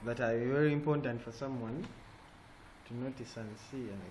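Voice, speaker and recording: A man's voice: medium pitch, steady tone, moderate pace, darkish tone. A man teaching an online design class. He stops often to check in with "eh?" and "yeah?". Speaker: design trainer. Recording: noisy online call audio.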